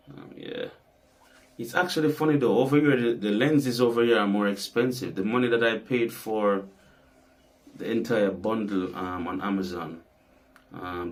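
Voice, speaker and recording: A man with a somewhat low voice chats loosely to his camera at home. He rambles from point to point and leans on "you know" as a filler. It sounds like an unscripted personal vlog. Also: fairly bright tone. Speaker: vlogger and musician. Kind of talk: casual vlog chat.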